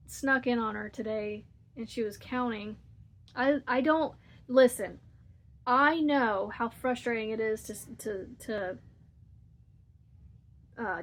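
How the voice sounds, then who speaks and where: A woman hosting a crochet channel, chatting casually while she crochets and rambling through a story with frequent laughs. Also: a little high.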